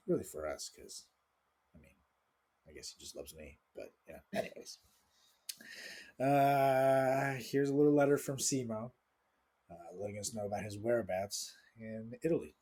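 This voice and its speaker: A man's voice: fairly low pitch, a little mellow, breathy edge. A young man hosting a casual podcast with a jokey, rambling delivery and lots of fillers. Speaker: podcast host.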